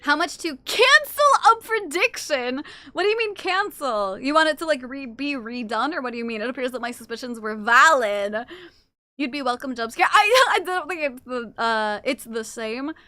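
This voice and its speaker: Picture a young woman livestreaming who answers her chat on the spot, teasing and cursing as she goes. Her voice sits high and bright. The sound is close and dry, with no room around it. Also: animated, dry recording. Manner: playful, teasing and swearing, quick reactions to chat. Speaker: streamer.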